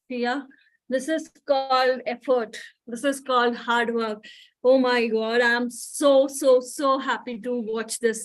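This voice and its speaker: A woman hosting a student performance event, effusive and heaping praise on performers. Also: a little high. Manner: effusive, piles on praise words. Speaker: event host. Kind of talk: introducing performers.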